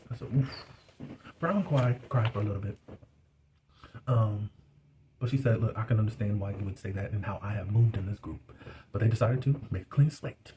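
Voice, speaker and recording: A man's voice: medium pitch, warm tone, a little hiss or hum. Gossipy man recapping reality TV. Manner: gossipy, chatty, laughs often; dialect words like "y'all" and "you be". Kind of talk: casual recap commentary.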